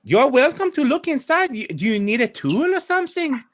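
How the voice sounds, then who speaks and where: A man's voice: very high-pitched, very animated, normal speed, fairly bright tone, voice pushed up, heavily acted. A man voicing a cheerful, chatty woman knight with a French-style accent who greets visitors in her kitchen. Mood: helpful. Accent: French-style fantasy accent. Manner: chatty, polite, gushing.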